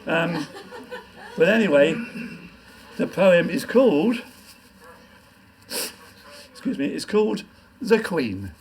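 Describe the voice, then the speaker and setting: A man's voice: on the high side, animated, slow pace, pauses often, a little hiss or hum. An older man and comic poet, reading his poems live in a pub with a rambling, self-mocking delivery. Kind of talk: live stand-up poetry reading. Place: pub function room.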